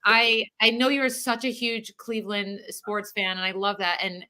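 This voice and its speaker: Female co-host, bright tone, playful, fast jokey delivery. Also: mid-range voice, flat delivery. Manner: playful, giggly, quick bursts. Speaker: podcast co-host. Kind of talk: casual sports chat.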